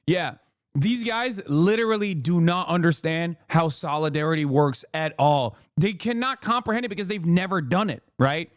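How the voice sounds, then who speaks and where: A man's voice: a little high, normal speed, no room sound, studio quality. An American man giving heated, profane and sarcastic commentary while reacting to clips. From United States. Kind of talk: ranting commentary.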